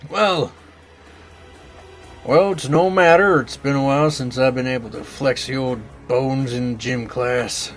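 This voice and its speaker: A man doing a gruff, brusque old professor. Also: mid-range voice, a little slow, faint music behind, close to an everyday voice. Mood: brisk. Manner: blustery, commanding, barks orders.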